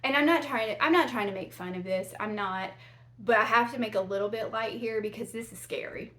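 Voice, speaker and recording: A woman's voice: on the high side, fairly quick, bright, forceful tone. A woman hosting a true crime vlog, chatting casually straight to her viewers. She talks in loose, rambling runs with frequent fillers and restarts. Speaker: true crime channel host. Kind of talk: casual commentary to camera.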